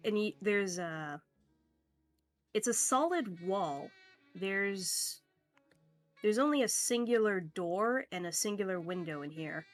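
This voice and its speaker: A woman with a lowish voice narrates a tabletop game as game master, speaking in a relaxed way with fillers and laughs.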